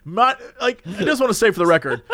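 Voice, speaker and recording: A man's voice: high voice, sing-song, quick pace, bright, forceful tone. A man telling a funny story in a casual chat, laughing often and acting out the people he quotes. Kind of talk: casual anecdote.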